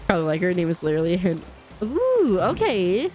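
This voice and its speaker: A woman's voice: on the low side, wildly swooping pitch, measured pace, long pauses, a little mellow, faint music behind. A woman streamer chatting casually and giggling with her chat while she plays a game. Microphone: desk microphone.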